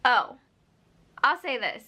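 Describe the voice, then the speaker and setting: A woman's voice: a little high, sing-song, slow pace, bright, forceful tone. A young woman vlogging, giving casual, unscripted advice straight to camera, full of "like" and "you know". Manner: earnest, direct advice-giving.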